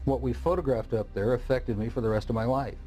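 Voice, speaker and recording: A man's voice: medium pitch, steady tone, fast, dark tone, faint music behind. A man, a former Air Force witness, giving earnest, reflective interview testimony.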